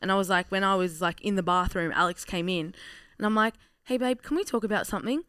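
A woman's voice: medium pitch, fairly bright tone, clean tone, no room sound, clean studio sound. Chatty woman, casual podcast talk. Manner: chatty, quick reactions and laughter. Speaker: podcast host. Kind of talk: casual chat.

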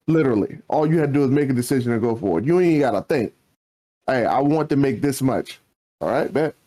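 A man co-hosts a motivational podcast in casual, slang-heavy chat. He speaks bluntly and hits his points hard. His voice is warm and mellow, and his pitch sits in the middle range. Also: expressive, fast talker. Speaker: podcast co-host.

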